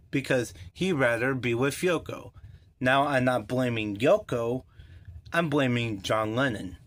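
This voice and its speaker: Slow-talking man ranting about music. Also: mid-range voice, no room sound. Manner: rambling, opinionated, filler-heavy. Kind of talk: casual opinion vlog.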